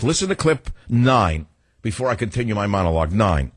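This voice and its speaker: A man's voice: mid-range voice, expressive, fairly quick, a bit bright, breathy edge, no echo. An older man hosting a talk radio show, delivering a sarcastic, combative, rambling monologue.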